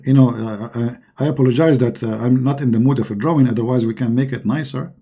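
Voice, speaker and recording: A middle-aged man talks through a scoffing monologue, heavy with sarcasm and loose, non-native grammar. His voice sits low in brightness, mellow and a little husky. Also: fairly even intonation, quick pace. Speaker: online commentator. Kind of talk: mocking religious-critique monologue.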